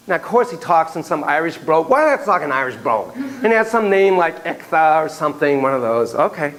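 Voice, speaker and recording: A middle-aged man teaching a psychotherapy class, wandering into stories and asides. His pitch moves a great deal and sits a little high for a man. A faint hiss hangs under his voice. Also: brisk, low-quality recording. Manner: animated, digressive, talks in asides. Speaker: psychotherapy lecturer. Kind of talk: lecture with storytelling.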